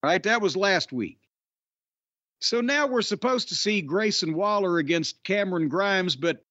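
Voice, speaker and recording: A man with a notably high voice holds forth as a podcast host, sardonic and opinionated, swearing freely. The sound is dry and close, with a slightly dull, muffled top end. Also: fairly bright tone, dry recording. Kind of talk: casual wrestling podcast chat.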